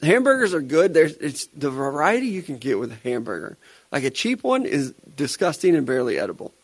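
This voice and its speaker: A man's voice: fairly high pitch, big pitch swings, a little fast, husky, no echo. A young man co-hosting a podcast, chatting casually and teasing his co-host with plenty of laughter. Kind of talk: casual chat.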